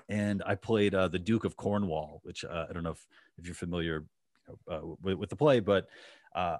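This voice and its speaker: A man's voice: sits low, no echo, clean studio sound. A man hosting a podcast, telling a story in casual chat with many restarts and fillers. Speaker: podcast host.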